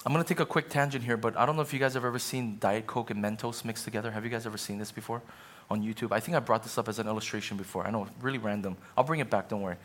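A man's voice: on the low side, steady tone, racing, a bit bright. A male pastor preaching a sermon in an earnest, conversational way, with asides to the congregation.

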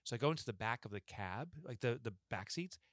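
Talking fast at a medium pitch, this podcast co-host tells a lengthy story in relaxed conversation. He's an animated storyteller who performs the quoted lines of each character. There's no room sound, and the audio is studio quality.

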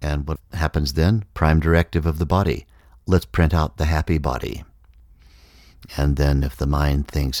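A man giving a measured, reflective spiritual talk, explaining ideas step by step. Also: extremely low pitch, fairly even intonation, a little mellow, no echo, clean studio sound. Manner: measured, explanatory, acts out inner voices. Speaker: speaker on consciousness.

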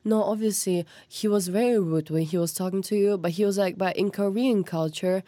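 A woman telling a story as a podcast guest, acting out quotes in a higher voice. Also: a little fast, dry recording. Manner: animated, acts out quotes with rising pitch. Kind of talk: casual storytelling.

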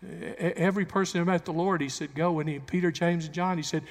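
A pastor preaching a sermon in a church, swinging into loud emphatic bursts and acting out the quotes he cites. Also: a little high, fairly even intonation, fairly quick. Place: church sanctuary. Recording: long hall reverb.

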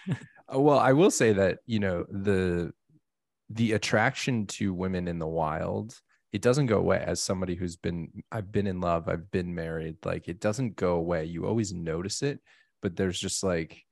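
Gravelly low-voiced man, playful. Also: normal speed, no room sound, clean studio sound. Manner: playful, joking, animated asides. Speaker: podcast host. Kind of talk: casual chat.

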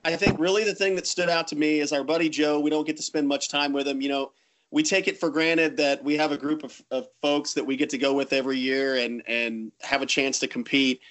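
A man co-hosting a podcast, telling stories in casual chat with animated, self-mocking humor. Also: a little high, brisk. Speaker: podcast co-host.

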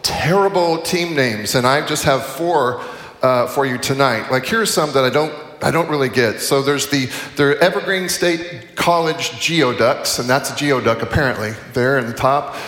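A man's voice: medium pitch, moderate pace, a bit bright. A middle-aged man giving a chapel sermon in a conversational, self-correcting way with humorous asides. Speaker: chapel speaker. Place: large chapel hall. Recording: echoey hall, distant mic.

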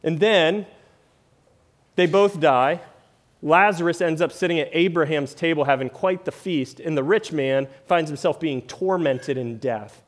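Man, pastor, sermon, conversational, fairly high voice, says "right?" a lot. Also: measured pace.

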